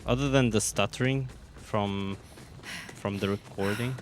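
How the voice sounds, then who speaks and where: A man giving relaxed gameplay commentary as he tests a game on his PC, thinking aloud with many fillers and restarts. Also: fairly low pitch, a little slow, a little hiss or hum. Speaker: gaming channel host.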